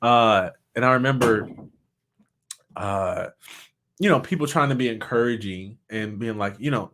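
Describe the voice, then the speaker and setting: A man who is a motivational speaker, talking candidly in a reflective, halting way, often restarting his sentences. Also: lowish voice. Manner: candid, halting, with many restarts and soft laughs. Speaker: motivational speaker and suicide survivor. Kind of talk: personal reflective talk.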